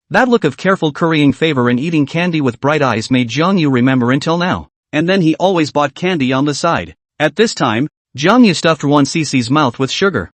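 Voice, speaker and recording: Man narrating a comic recap, lively pitch. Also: brisk, no room sound.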